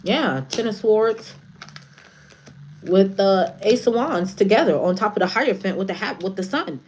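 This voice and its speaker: A woman's voice: mid-range voice, animated, normal speed. A woman giving a casual tarot reading on a livestream, blunt and profane, who repeats phrases for emphasis. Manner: preachy, repeats phrases for stress. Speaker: tarot reader and spiritual advisor.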